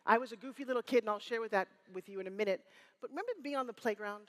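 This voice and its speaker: A woman in her fifties giving a live motivational keynote on stage, energetic and teasing, rallying the crowd with call-and-response. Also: a little high, very fast. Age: 50s. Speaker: motivational speaker. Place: stage before a live audience in a hall. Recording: room reverb.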